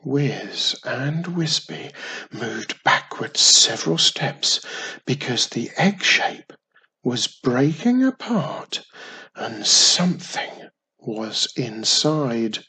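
A storyteller reading a children's tale at an unhurried pace. The voice is deeply gravelly and very raspy, with the rough grain carrying through every line, and the pitch stays in a middle range. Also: sing-song, bright, forceful tone.

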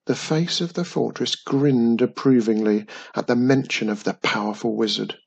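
A man narrating a children's story in a gentle, expressive reading. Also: medium pitch, moderate pace, gravelly, hardly any pauses, husky, lo-fi sound.

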